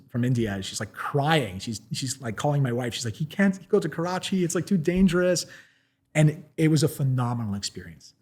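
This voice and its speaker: A husky-voiced American man tells a story at a quick clip. He talks casually and animatedly, piling on fillers and restarting sentences as he goes. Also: lowish voice. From United States. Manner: animated, full of "like" fillers and restarts, laughs often.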